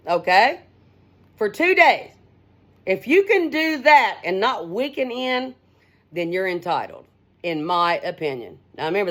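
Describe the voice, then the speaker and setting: A middle-aged woman radio host giving a rambling, folksy straight-talk monologue, her pitch swinging up and down as she talks.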